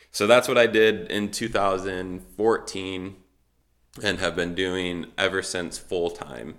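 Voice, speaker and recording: A man in his thirties, a missionary, telling his life story casually and acting out the conversations with lots of fillers. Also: sits low. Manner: animated storytelling, acts out quoted dialogue with many fillers. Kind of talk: casual personal testimony.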